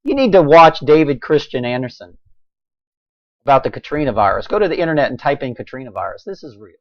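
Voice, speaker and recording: A man delivering a preachy, impassioned monologue, swinging between a raised voice and quiet intensity. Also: mid-range voice, sing-song, fast, no room sound, muffled recording. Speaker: video blogger.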